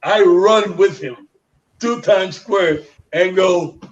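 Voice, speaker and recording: High-voiced man from Panama, far from the mic. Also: slow pace. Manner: animated storyteller who acts out others' dialogue. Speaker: guest. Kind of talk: casual storytelling interview. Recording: distant mic, dull lo-fi sound.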